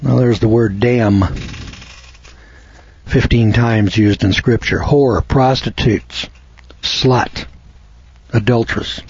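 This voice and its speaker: American man, husky, unhurried preachy monologue host, dull dry lo-fi sound. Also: medium pitch, fairly even intonation, a little mellow. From United States. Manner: slow, deliberate, spells words out letter by letter; preachy, cites scripture references. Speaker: commentator. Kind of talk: opinionated monologue.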